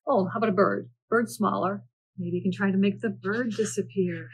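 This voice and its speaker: A woman children's librarian presenting and reading picture books aloud in a gentle storytelling manner with playful asides. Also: mid-range voice, normal speed, husky, poor audio.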